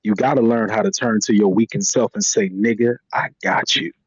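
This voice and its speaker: A man recites spoken-word poetry in a low, husky voice that he pushes deeper than usual. His delivery is blunt and full of curses. The audio is dry and dull, like a lo-fi stream. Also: steady tone, fairly quick, no room sound. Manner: put-on extra-deep voice, blunt and profane. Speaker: guest poet.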